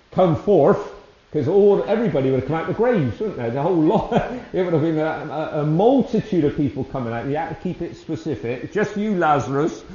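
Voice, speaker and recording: A man giving an informal devotional talk, rambling and warm-hearted, often chuckling between thoughts. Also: mid-range voice. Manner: rambling, warm-hearted, with frequent fillers and restarts; chuckles often while speaking. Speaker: lay preacher. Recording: dull, roomy sound.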